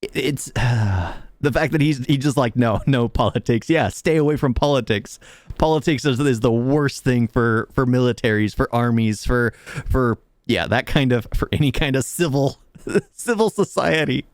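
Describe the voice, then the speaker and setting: An American man hosting a reaction video, commenting in a reflective, halting way. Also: medium pitch, no echo, studio quality. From United States. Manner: reflective, halting, repeats words.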